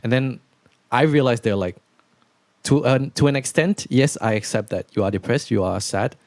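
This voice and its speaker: A young man hosting a podcast, talking in a relaxed, rambling way with lots of fillers. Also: mid-range voice, normal speed, no room sound. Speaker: podcast host. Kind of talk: casual podcast chat.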